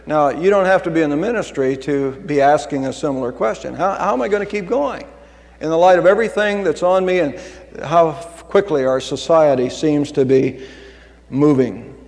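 A man's voice: a little high, moderate pace, gravelly, darkish tone. A middle-aged male pastor preaching a sermon in an earnest, conversational way. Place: church. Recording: long hall reverb.

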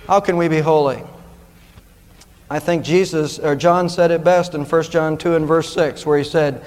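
A high-pitched male pastor preaching in an earnest, emphatic way, stretching out the words he wants to land. His voice rings with long reverb through a large church hall. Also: fairly even intonation, normal speed, a little mellow. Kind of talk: sermon.

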